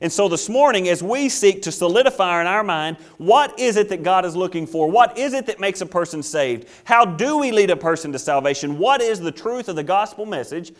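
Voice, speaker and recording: A man's voice: high voice, lively intonation, brisk, few pauses. A male pastor preaching a sermon with an emphatic, repetitive cadence.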